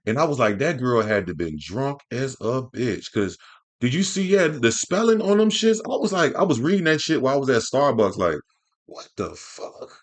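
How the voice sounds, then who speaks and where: A man's voice: medium pitch, sing-song, moderate pace. Loose, profane man reacting to clips. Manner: loose, profane, rambling, stumbles and repeats himself. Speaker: commentary host reacting to clips. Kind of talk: casual reaction commentary.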